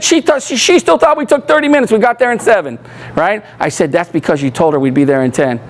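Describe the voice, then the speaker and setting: A man with a high-pitched voice leads a training workshop. He tells stories from the job and acts out the voices of the people in them, tossing in "right?" to keep the room with him. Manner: animated, acts out quoted voices, asks "right?" often. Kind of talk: storytelling training talk.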